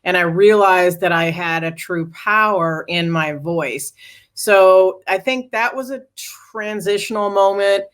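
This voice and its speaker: A woman's voice: medium pitch, slow, clear, resonant tone. A middle-aged woman, a guest author and speaker, earnestly recounting a personal story in an interview. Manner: earnest, animated retelling with acted quotes.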